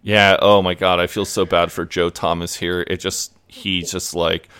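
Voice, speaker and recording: A man's voice: low-pitched, flat delivery, normal speed, a bit bright, clear, resonant tone. A man co-hosting a podcast, recapping a TV episode in a laid-back, amused way and swearing freely. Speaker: podcast co-host.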